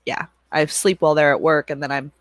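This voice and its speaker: A woman in her thirties runs and moderates a livestream in a low, brisk voice with little movement in pitch. She chats casually, rambles, laughs frequently, and drops the occasional swear word. There's no echo at all.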